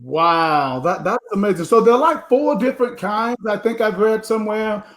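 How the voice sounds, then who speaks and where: A man hosting a talk show interview, inquisitive and halting, often restarting his sentences. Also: sits high, animated, fairly bright tone. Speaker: host.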